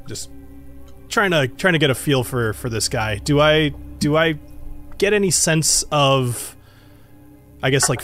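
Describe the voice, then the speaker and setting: A man's voice: medium pitch, a bit bright. Hesitant man playing a tabletop game. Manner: hesitant, thinking aloud. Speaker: player. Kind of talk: casual tabletop play.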